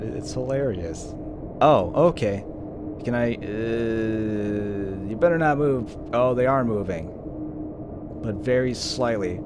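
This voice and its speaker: A man's voice: fairly low pitch, animated, slow, pauses often, background noise. Man swearing and laughing through a game. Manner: laughs at his own jokes, swears, thinks aloud. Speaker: gaming video host. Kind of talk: casual let's-play commentary.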